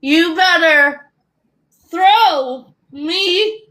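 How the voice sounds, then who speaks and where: A woman chatting on a livestream in a halting, giggly way. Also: very high-pitched, animated, sharp tone. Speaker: guest on a livestream. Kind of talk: casual chat.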